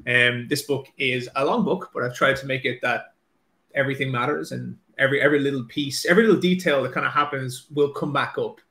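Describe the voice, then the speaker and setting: A man's voice: medium pitch, a little fast, pushed and bright. Irish guy rambling nervously about his book, lots of likes, echoey room. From Ireland. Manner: self-deprecating, nervous, many filler likes and restarts. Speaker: author. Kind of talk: casual chat, then reading aloud.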